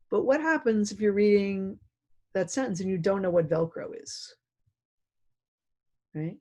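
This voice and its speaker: Mellow-voiced woman explaining to teachers. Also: mid-range voice, moderate pace, long pauses. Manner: conversational, direct explaining to teachers. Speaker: literacy teacher trainer. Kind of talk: self-paced training video lesson.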